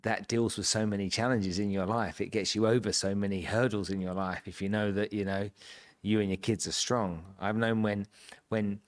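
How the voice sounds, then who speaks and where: A man's voice: on the low side, steady tone, normal speed. A man, the host, talking thoughtfully and earnestly in a casual interview. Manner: earnest and thoughtful, rambling with fillers. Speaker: podcast host.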